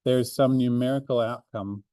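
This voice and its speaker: A man's voice: mid-range voice, steady tone, moderate pace, warm tone, clean tone, no room sound. A man, a maths learning centre coordinator, explains a revision seminar step by step with fillers and restarts. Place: room, drawing notes for an overhead camera.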